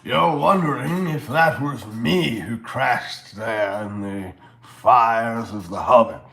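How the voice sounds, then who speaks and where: A man voicing an old male wizard with a slow, gravelly, mock-solemn delivery. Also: mid-range voice, a bit bright, a little hiss or hum. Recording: roomy echoey room.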